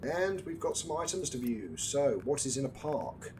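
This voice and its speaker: A man's voice: medium pitch, big pitch swings, normal speed, a little mellow, slight background noise. A British man casually commentating his game stream with dry, wry asides. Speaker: gaming live streamer.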